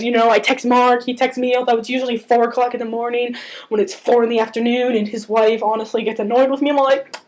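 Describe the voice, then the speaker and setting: A teenage girl telling an excited, gushing story and often breaking into giggles. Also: high-pitched, fairly quick. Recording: noisy home video.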